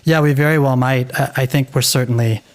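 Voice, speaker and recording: A man's voice: mid-range voice, fairly even intonation, brisk. An American man co-hosting a linguistics podcast, chatting enthusiastically and agreeably, often repeating words as he starts a thought. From United States. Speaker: podcast co-host. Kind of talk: casual conversational discussion.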